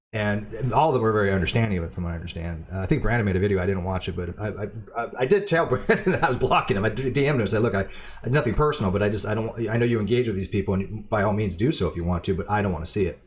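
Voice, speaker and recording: A man hosting a casual livestream, talking in a rambling, halting way with lots of ums and repeated words. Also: lowish voice, lively intonation. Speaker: channel host; debate show moderator.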